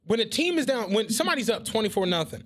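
An American man with a high, swooping voice, co-hosting a podcast in loose, profane banter. He tells stories and acts out what people said to him. His pitch jumps all over the place as he talks. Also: quick pace. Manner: animated storyteller, acts out quotes. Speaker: podcast co-host. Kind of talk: casual chat.

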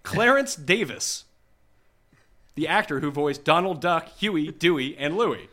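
A man with a fairly high, bright voice and a lively, varied delivery. He runs an awards segment on a podcast, prompting and ribbing a friend. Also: measured pace. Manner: teasing, prompting. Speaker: podcast co-host. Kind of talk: casual chat, reading award results.

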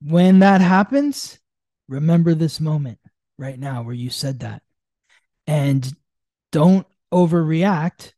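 A man co-hosting an astrology podcast, talking loosely with many fillers and restarts, and acting out quoted speech with sudden jumps in pitch. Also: takes it slowly, pauses often, mellow, dry recording, clean studio sound. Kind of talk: casual conversational explanation.

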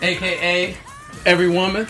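A man panelist on a chat show, loud and playful, always joking. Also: sits high, completely flat delivery, a little fast, loud music behind the voice. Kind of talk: casual chat.

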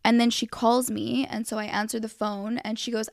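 Young woman, podcast co-host, casual storytelling, filler-heavy, slightly high voice, dry studio sound. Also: level tone, moderate pace, vocal fry, no echo. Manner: rambling, filler-heavy, frustrated retelling.

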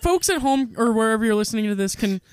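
Young guy, high lively voice. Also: fast talker, a little hiss or hum. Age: young adult. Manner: chatty, laughs easily. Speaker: podcast co-host. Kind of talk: casual family chat. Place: home studio.

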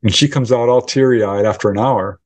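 A man, a researcher and author, answering interview questions as a lively storyteller who acts out the voices of people in his account. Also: mid-range voice, brisk, no room sound. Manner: animated storyteller acting out quoted dialogue. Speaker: UFO researcher and author, guest.

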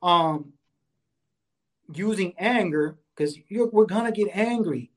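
A man's voice: high voice, takes it slowly, a bit bright. Earnest man talking about handling anger. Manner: earnest, repeats "right?" and "you know"; enjoys exercise, speaks of fitness. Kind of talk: casual conversational advice.

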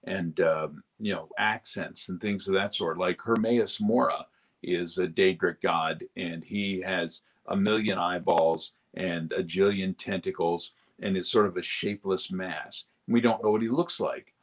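A man's voice: sits low, measured pace. A male voice actor talking animatedly in an interview, slipping into character voices as he goes. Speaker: voice actor, guest. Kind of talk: casual interview talk.

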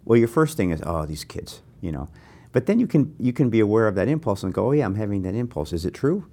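An older man hosting a conversation, telling animated, self-deprecating anecdotes. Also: fairly low pitch, quick pace. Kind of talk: conversational interview.

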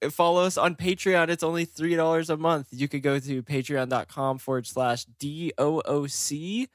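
A man's voice: on the high side, fairly even intonation, moderate pace, no room sound, studio quality. A man hosting a casual podcast, loose and a bit profane, plugging the show's links. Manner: loose, profane, plugs the show. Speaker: podcast host. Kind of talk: casual chat.

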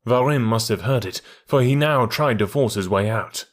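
A man narrating an audiobook classic in a steady, even storytelling manner. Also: mid-range voice, moderate pace.

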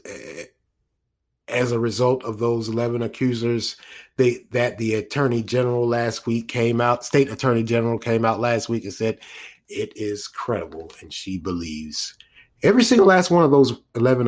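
A man's voice: mid-range voice, normal speed. A man talks through the news in a loose, off-the-cuff way. He restarts his sentences, drifts into asides and chuckles at his own remarks. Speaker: commentator. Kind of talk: casual news commentary monologue.

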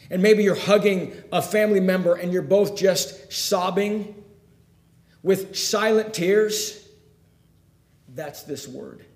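A man preaching a sermon, dropping to a hush and then rising into emphatic, fervent passages. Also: fairly high pitch, roomy sound. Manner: swings from hushed to emphatic. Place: church sanctuary.

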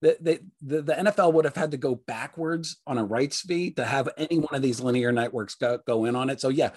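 A man with a Mid-Atlantic American accent co-hosting a sports media podcast, measured and firm when he pushes back. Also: medium pitch, darkish tone, slightly rough. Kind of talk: casual podcast chat.

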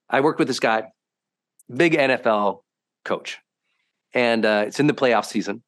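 A man hosting a podcast, a high-performance coach telling stories in a lively, conversational way and acting out quotes with sudden bursts. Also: unhurried, pauses often. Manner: animated, swings into loud acted quotes. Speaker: host.

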